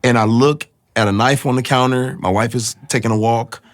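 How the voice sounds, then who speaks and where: A man telling his personal faith testimony in a reflective, halting, emotional way. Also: medium pitch, fairly even intonation, no echo. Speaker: guest sharing his testimony.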